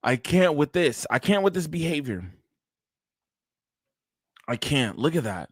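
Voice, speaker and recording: A man's voice: on the high side, very animated, measured pace, breathy edge, no room sound. A man hosting a live-stream reaction, talking loosely and profanely into a close streaming mic and breaking into bursts of laughter.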